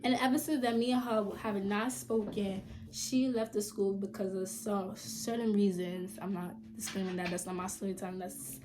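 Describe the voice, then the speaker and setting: A young woman vlogger telling a storytime, animated and blunt, acting out quoted lines with loud bursts and casual swearing. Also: medium pitch, moderate pace, few pauses. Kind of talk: storytime vlog.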